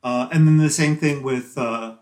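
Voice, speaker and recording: A man's voice: mid-range voice, normal speed, darkish tone. Chatty man in a roomy space. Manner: rambling and chatty, laughs easily. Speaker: guest musician on a podcast. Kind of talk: casual interview chat. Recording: roomy echo.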